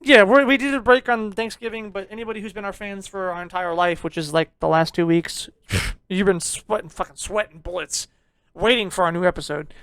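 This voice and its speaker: A young man rants on a podcast with a loud, jokingly abrasive edge. He swears freely and teases his listeners. The recording is close and dry. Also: high voice, steady tone, brisk, clean tone, dry recording. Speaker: podcast co-host. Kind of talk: casual ranting review chat.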